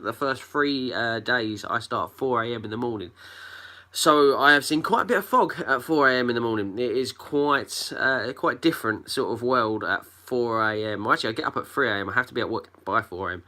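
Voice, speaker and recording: Chatty bright-voiced man. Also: mid-range voice. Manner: chatty, greets commenters by name, jokey. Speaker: geocaching livestream host. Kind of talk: casual live-stream chat. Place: at home. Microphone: phone.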